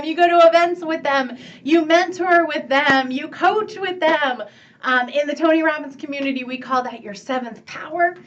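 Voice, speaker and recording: A woman giving a relationship coaching talk, upbeat and animated, laughing and acting out what friends and family say. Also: high-pitched, distant mic, dull audio. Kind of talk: teaching talk to camera.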